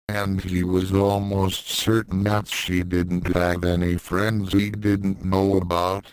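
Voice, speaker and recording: Calm male story narrator, deep smooth voice, dry close recording. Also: dry recording, rough recording. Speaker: fan fiction reader.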